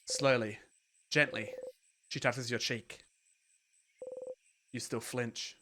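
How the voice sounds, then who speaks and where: A streamer on a game playthrough, reading the narration dramatically in the second person, with quick asides. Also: mid-range voice, steady tone, noisy background. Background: game music.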